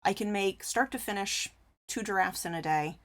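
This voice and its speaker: On a live crochet stream, a woman with a mid-range voice chats casually at a moderate pace. She reads viewer messages aloud, answers them, and laughs often.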